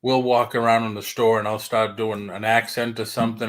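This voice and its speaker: A man's voice: fairly low pitch, little pitch movement, brisk, few pauses, a bit bright. A man hosting a casual livestream chat, joking around and reading viewer comments aloud as he talks. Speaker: livestream host. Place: home livestream.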